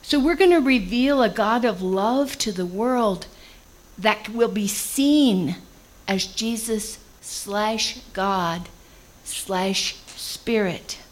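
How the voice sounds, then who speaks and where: A woman delivers a sermon in a relaxed, conversational way, explaining scripture in everyday words. She takes her time and speaks at an unhurried pace, her pitch sitting in a middle range. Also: low-quality recording. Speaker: preacher.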